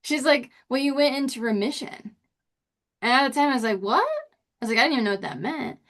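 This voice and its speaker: Middle-aged woman guest, animated storyteller, voice leaps up when quoting herself. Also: fast. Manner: expressive, pitch jumps when acting out quotes. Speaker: podcast guest. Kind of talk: casual storytelling interview.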